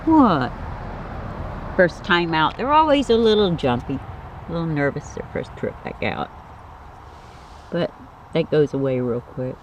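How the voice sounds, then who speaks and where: A man talking casually on his vlog outdoors, chatting fondly about and to his pet snake. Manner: fond, chatty, coos at his snake in a higher voice. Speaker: snake keeper filming his pets. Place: outdoors in a yard. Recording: slightly dull lo-fi camera audio with faint outdoor noise.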